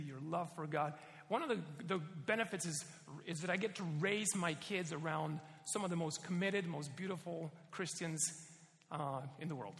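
A man preaching a sermon, telling personal stories in an animated way and laughing often. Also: fairly high pitch, long reverb tail.

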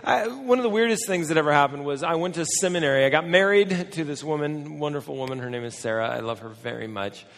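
A man's voice: fairly high pitch, fast, vocal fry, hardly any pauses, fairly bright tone. A middle-aged American man, a pastor, telling a chatty, self-deprecating story in a sermon, his voice cracking now and then. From United States. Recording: long hall reverb.

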